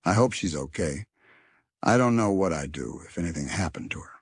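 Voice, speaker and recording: A man's voice: low voice, expressive, a little fast, breathy edge, dry recording, clean studio sound. A man voicing Arthur, an earnest and worried young male rat, in a storybook reading. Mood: anxious.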